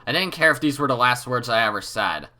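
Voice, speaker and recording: A man's voice: medium pitch, animated, fast talker, pushed and bright. A man with a cold, hosting a let's play, reading game narration aloud with casual joking asides. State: has a cold.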